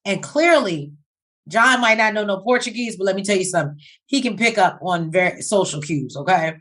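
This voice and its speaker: A woman's voice: medium pitch, lively intonation, moderate pace, a bit bright. A woman co-hosting a casual reality-TV recap, telling scenes with quoted dialogue. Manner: chatty storytelling with quoted dialogue. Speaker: co-host.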